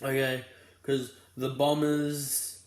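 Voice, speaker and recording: Speaking slowly in a level, medium-pitched voice with reverb around it, a young Australian man offers a rambling, casual footy fan preview. He yawns and sounds tired, yet he's fired up about his team and often starts over mid-thought.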